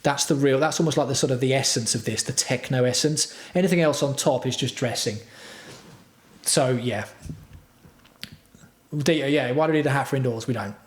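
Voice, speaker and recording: A man's voice: medium pitch, normal speed, pauses often. Sweary man ranting. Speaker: livestream host. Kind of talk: casual livestream rant. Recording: echoey room.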